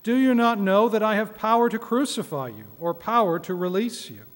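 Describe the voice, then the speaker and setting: A man reading aloud the words of a troubled Roman governor in a church service, with measured, pleading questions. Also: sits high, expressive, pitched above the performer's own voice. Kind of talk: liturgical scripture reading. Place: church sanctuary. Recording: echoey church hall.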